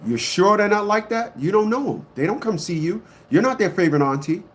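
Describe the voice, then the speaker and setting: A man's voice: expressive, brisk. Blunt, emphatic man ranting. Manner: swings between loud outbursts and low muttering. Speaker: online commentator. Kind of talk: ranting monologue to a live audience.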